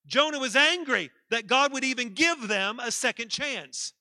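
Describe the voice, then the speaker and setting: A man preaching a sermon in a church, calling out to the congregation and building to loud, emphatic peaks. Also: extremely high pitch, expressive, normal speed, no room sound.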